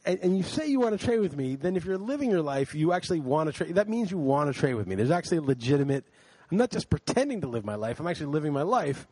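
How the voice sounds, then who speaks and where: A man's voice: a little high, quick pace, dry recording. A man co-hosting a podcast, ranting in casual chat with lots of swearing, tired late at night. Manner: ranting, profane, animated. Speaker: podcast co-host.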